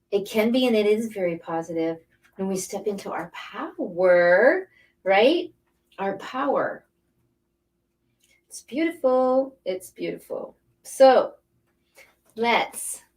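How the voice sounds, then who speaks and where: In a mid-range voice with a darkish tone, this middle-aged spiritual coach talks in an easygoing, inspirational way. She also reads angel cards, and she lands her points emphatically, rambling between ideas and echoing phrases for emphasis. The recording places her somewhat distant from the microphone.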